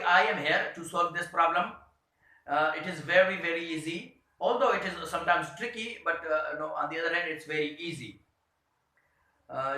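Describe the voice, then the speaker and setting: A man teaching English grammar in a classroom-style lesson, his voice high and bright. He talks haltingly, leaning on "uh" and "you can say" as he searches for words. The room around him is strongly echoey.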